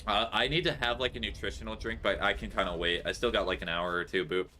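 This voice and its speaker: A male streamer chatting casually with his audience as he plays, sarcastic and quick to joke. His voice sits low but has a bright, forceful edge. A faint hum of noise runs underneath. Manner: joking, sarcastic, laughs often. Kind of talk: casual live-stream chat while gaming.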